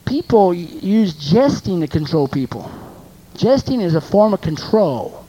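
Mellow-voiced preacher repeating for emphasis. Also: mid-range voice, sing-song, a little slow, breathy edge, muffled recording. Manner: rhetorical, asks the congregation questions and repeats phrases for emphasis. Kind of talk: sermon.

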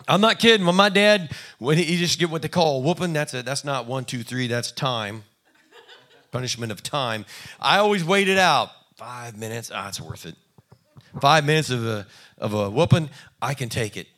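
A man's voice: mid-range voice, animated, fairly quick, a bit bright. A man preaching a sermon in a conversational, folksy way, acting out little quoted exchanges. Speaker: pastor.

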